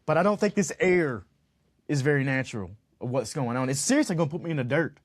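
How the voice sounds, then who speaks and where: A man's voice: medium pitch, fast. A stuffy-nosed man co-hosting a casual podcast, rambling and joking. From lives in Utah, lived in Los Angeles. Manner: animated, rambling, jokey. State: congested. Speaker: podcast co-host.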